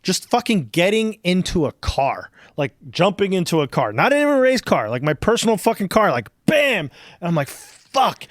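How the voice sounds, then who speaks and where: A man's voice: sits high, big pitch swings, moderate pace, no room sound, clean studio sound. A man in his thirties hosting a podcast, telling stories in a rambling, profane, casual way full of fillers. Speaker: podcast host.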